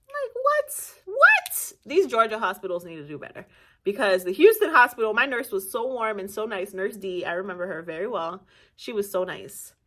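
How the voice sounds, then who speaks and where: A young adult woman from Nigeria, casually telling a personal story on her channel, laughing often and acting out what people said. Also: medium pitch. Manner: animated, laughing often, acting out quoted voices. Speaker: vlogger.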